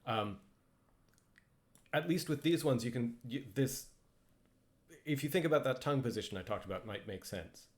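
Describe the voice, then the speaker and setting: A man's voice: medium pitch, animated, moderate pace, pauses often. Hesitant man teaching with many ums. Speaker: language instructor. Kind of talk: casual lecture with slides.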